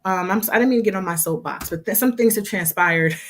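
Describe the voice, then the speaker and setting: A woman hosting a casual livestream, talking in a chatty, heartfelt and expressive way as a hair program instructor. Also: medium pitch, fast talker.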